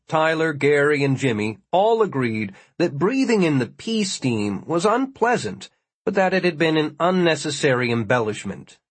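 A man's voice: mid-range voice, husky, no echo. A man reading an audiobook aloud in a dry, wry storytelling manner. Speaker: audiobook narrator. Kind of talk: scripted narration.

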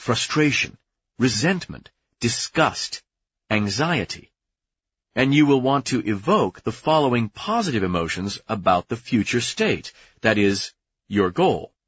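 A man reading a nonfiction audiobook in measured, expressive narration. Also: medium pitch, husky, no room sound, muffled recording.

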